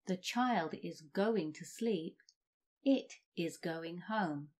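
Slow, deliberate woman teaching. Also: fairly low pitch, darkish tone. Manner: reads example sentences slowly and deliberately. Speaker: English teacher. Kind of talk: slow scripted grammar lesson.

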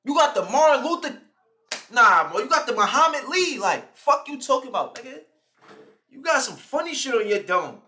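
A man's voice: very high voice, sing-song, moderate pace, sharp tone. A young man live streaming, roasting someone in a heated, mocking, profane rant. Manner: mocking, heated, swears constantly.

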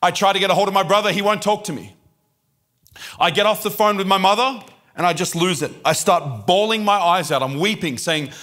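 Guy preaching a sermon, kinda high voice, gets fired up telling stories. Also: brisk. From Australia. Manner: impassioned storytelling, swinging between quiet and loud.

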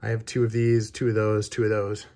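A man with a lowish voice talks casually to camera about his collection. He speaks haltingly, stopping and restarting his sentences often. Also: completely flat delivery, darkish tone. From Wisconsin. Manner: halting, many fillers and restarts. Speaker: shoe collector vlogger. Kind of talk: casual show-and-tell.

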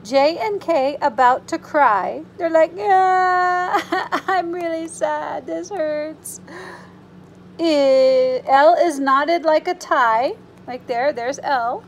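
A preschool teacher reading a picture book aloud to young children, using an animated storytime voice with gasps and gentle, reassuring asides. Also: female voice, sits high, a little hiss or hum, poor audio.

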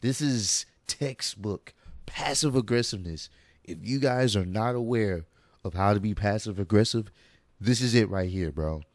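A man's voice: on the low side, normal speed, dry recording. Give me a man doing laid-back reaction commentary, slangy and laughing, recorded dry. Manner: talks over a played clip. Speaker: reaction video host.

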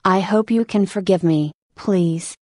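A woman's voice: mid-range voice, measured pace, darkish tone, dry recording, close to an everyday voice. Woman doing a guy who keeps saying sorry, stuttery, dry sound. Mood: apologetic. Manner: stammering, sobbing apologies. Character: grovelling male test subject, endlessly apologetic.

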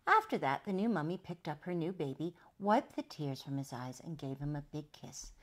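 A woman storyteller reading a children's picture book aloud. Her voice rises and falls in a lively, sing-song way. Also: low-pitched, normal speed.

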